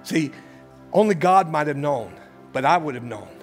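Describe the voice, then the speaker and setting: A man in his sixties, a pastor, preaching a sermon and telling a personal story with big swings between loud urgency and hushed lows. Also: lively intonation, moderate pace, faint music behind.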